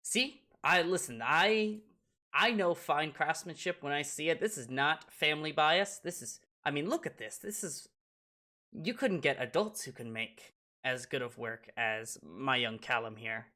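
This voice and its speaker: A game master playing a brisk, proud mother. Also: medium pitch, bright, forceful tone. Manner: firm and insistent, like a haggler. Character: proud, brisk mother who runs a shop.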